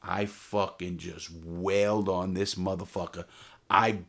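A middle-aged man with a very low, gravelly voice tells stories straight to camera. He is blunt and swears freely, often breaking off and restarting his sentences. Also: flat delivery, a little slow, fairly bright tone. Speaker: storyteller of his own past. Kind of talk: casual profane storytelling to camera.

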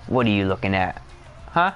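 A young man livestreaming a football video game, reacting out loud with quick exclamations and rambling, self-mocking asides. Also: lowish voice, very animated, muffled recording, soft background music. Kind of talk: live gameplay commentary.

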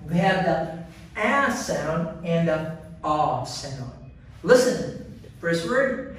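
A man teaching an English lesson, drilling pronunciation by repeating each word three times in a slow, deliberate way. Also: fairly high pitch, sing-song, a little hiss or hum. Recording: echoey room, voice from a distance.

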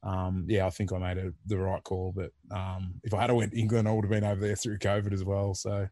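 A man in his thirties with an Australian accent speaks in a low, level, brisk and mellow voice on a dry recording. A retired rugby league player, he's a laid-back podcast interview guest, full of fillers and casual swearing.

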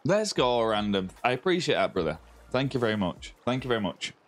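A man's voice: mid-range voice, very animated, a little fast, faint music behind. An Australian man live-streaming a game, chatting casually and greeting viewers by name, calling them mate and buddy. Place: home streaming setup with a ring light.

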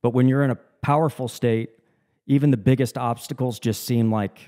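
A man's voice: mid-range voice, steady tone, normal speed, warm tone. A man co-hosting a podcast, talking in an earnest, reflective, motivational way in casual chat. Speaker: podcast co-host.

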